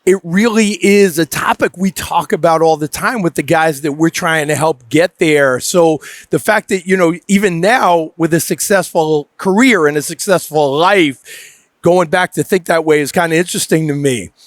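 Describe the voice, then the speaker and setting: A middle-aged man hosting a casual interview, his voice sitting a little high for a man. He talks conversationally, speeding up in bursts and leaning on fillers as he thinks aloud. The sound is dry and close, with no room around it. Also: moderate pace, no echo. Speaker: podcast host and baseball coach.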